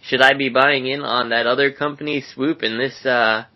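A man's voice: medium pitch, steady tone, moderate pace. Agreeable man on a muffled podcast. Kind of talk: casual chat. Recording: muffled lo-fi recording.

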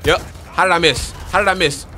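A young man giving excitable let's play commentary on a horror game, talking to his viewers and yelling at enemies on a desk microphone. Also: high-pitched, fairly quick, soft background music. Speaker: gaming youtuber.

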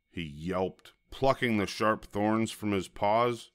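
An older man reading a children's storybook aloud in a gentle, expressive storytelling manner. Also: on the low side, slow, clean tone, no echo.

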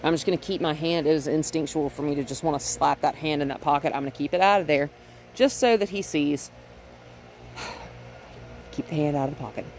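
A woman's voice: sits low, fairly quick, pauses often, a little mellow, soft background music. A woman dog trainer giving a casual, step-by-step demonstration at home, often checking in with "right?". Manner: chatty, explains step by step, often adds "right?". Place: at home and in the yard with her dogs.

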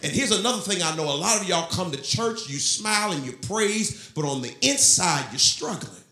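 A pastor preaches in a roomy church that rings with echo. His voice sits high and sounds bright and forceful. He swings from talk to shouted, sung-out lines. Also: expressive, moderate pace, faint music behind. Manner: preaching, rising to shouts, half-singing phrases. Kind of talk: sermon. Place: church sanctuary. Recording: echoey church room.

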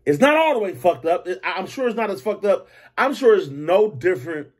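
A man hosting a podcast, telling a story in a loose, animated monologue. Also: a little fast. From Detroit. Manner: animated storytelling, acts out others in high voices. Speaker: podcast host. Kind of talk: casual monologue.

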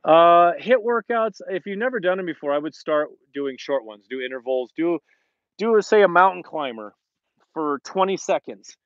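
A man's voice: a little high, animated, normal speed, a bit bright, no room sound. Man, middle-aged, fitness host, rambling live-stream chat, muffled lo-fi audio. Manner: rambling, chatty, acts out quoted lines. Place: home in the Colorado mountains.

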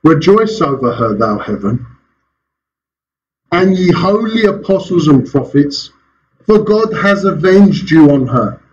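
Lively preaching man, muffled church recording. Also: on the high side, slow, slight background noise. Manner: lively, rhetorical questions, chuckles between points. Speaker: pastor. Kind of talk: sermon. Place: church hall.

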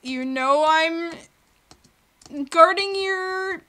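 A woman's voice: extremely high pitch, sing-song, very slow, fairly bright tone. A woman hosting a video game let's play, chatting playfully and talking to the creatures on screen. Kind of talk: gaming commentary.

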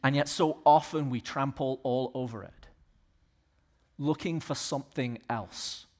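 A man from the American South preaching a sermon as pastor of a church, swinging between loud exhortation and quiet, earnest asides. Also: medium pitch, unhurried. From Southern United States.

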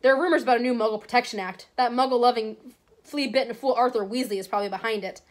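A woman's voice: a little high, steady tone, fast, close to an everyday voice. Haughty aristocratic wizard, cold and clipped, read by a woman. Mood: disdainful. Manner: disdainful, clipped.

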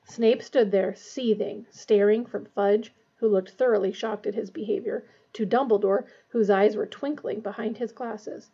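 A woman's voice: mid-range voice, fairly even intonation, measured pace, few pauses, warm tone, husky. A woman reading a novel aloud expressively, with a dull lo-fi recording. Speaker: audiobook reader.

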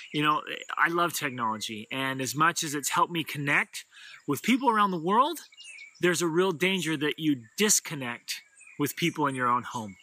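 Man, middle-aged, motivational talk host, energetic, high-pitched. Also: no room sound. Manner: energetic, enthusiastic, acts out quoted lines.

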